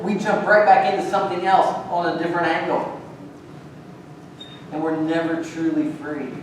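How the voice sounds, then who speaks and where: A man delivers a sermon, telling a story with frequent restarts. He swings from hushed to loud. The sound is distant and very echoey, like a church hall heard from the back, with a faint hiss underneath. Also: high-pitched. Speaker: pastor. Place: church sanctuary.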